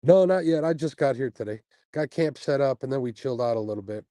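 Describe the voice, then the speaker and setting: On his fishing channel's livestream, a man reads and responds to viewer comments, relaxed and chatty with frequent fillers and little laughs, though he's sleepy and yawning after a sleepless night. He talks fast with lively intonation in a warm, mid-range voice. Audio is poor, from an earbuds mic on a phone stream, with no echo.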